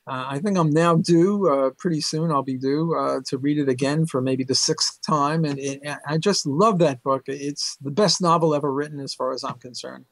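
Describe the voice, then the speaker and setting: An older man recounts his memories in an unhurried, rambling way, peppering them with fillers and bursts of laughter. His voice sits a little high for a man, and it sounds close and dry, with no room echo. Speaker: interview guest, economics professor. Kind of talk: casual storytelling interview.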